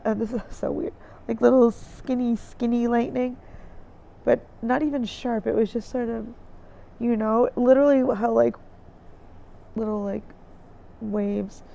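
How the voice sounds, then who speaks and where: A woman with a mellow, gravelly voice on the high side tells a rambling, diary-style vlog recap of her experience. She gropes for words and uses many fillers, speaking from a dim indoor room near a window with trees outside.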